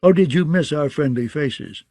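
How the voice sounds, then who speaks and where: Cruel cackling jester, high and braying, voiced by a man; dry close audiobook sound. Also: moderate pace, darkish tone, no room sound, natural voice. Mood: taunting. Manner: high, braying, gleeful taunting.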